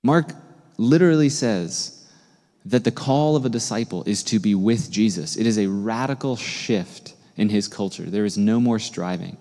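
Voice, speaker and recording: A man preaching a sermon as a pastor, in a conversational, animated way, often asking his listeners questions. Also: lowish voice, normal speed, big-room sound. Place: church sanctuary.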